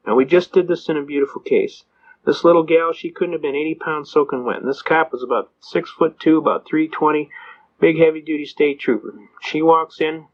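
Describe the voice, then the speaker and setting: A man giving a storytelling lecture on constitutional law in a folksy, animated way, acting out quotes and laughing often, on a muffled lo-fi recording. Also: fairly high pitch, normal speed.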